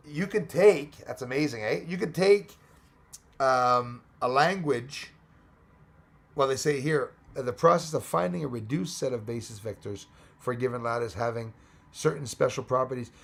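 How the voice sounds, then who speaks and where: A man hosting a casual live-stream chat, rambling and excitable, thinking aloud as he reads from the screen. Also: medium pitch, gravelly.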